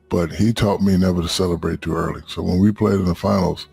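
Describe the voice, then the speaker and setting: A man's voice: sits low, fairly even intonation, brisk, vocal fry, few pauses, a little mellow, slightly rough, dry recording. A middle-aged man telling loose, profane stories as a podcast guest in casual chat.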